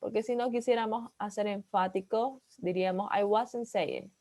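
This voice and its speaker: A woman's voice: medium pitch, steady tone, a little fast, a little mellow. Bilingual woman teaching an English class. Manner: explains in English, then repeats in Spanish.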